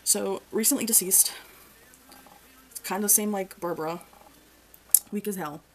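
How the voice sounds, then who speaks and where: Young woman, mid pitch, blunt chatty beauty reviewer, faint hiss behind. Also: measured pace, poor audio. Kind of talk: casual product review.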